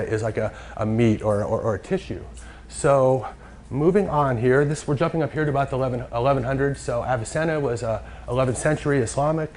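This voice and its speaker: A man giving a lecture from slides, halting and full of fillers and restarts. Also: mid-range voice, a little mellow, a little hiss or hum.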